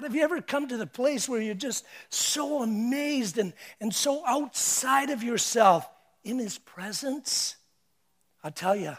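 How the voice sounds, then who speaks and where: A male preacher giving a sermon, emphatic, repeating his phrases and swinging between hushed and loud delivery. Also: very high voice.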